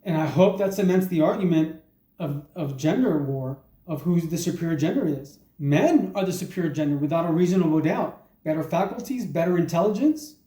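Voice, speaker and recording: A man in his forties delivers a crude stand-up set in a deadpan, halting way, stumbling over fillers. His voice is slightly raised in pitch yet mellow in tone. The recording sounds roomy and echoey. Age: 40s. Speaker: comedian. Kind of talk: stand-up comedy monologue. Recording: echoey room.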